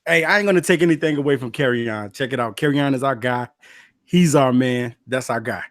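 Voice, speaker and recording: A man's voice: medium pitch, fairly quick, fairly bright tone, no echo. Blunt man with dry close voice. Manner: blunt, short interjections, laughs often. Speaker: podcast co-host. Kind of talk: casual sports talk.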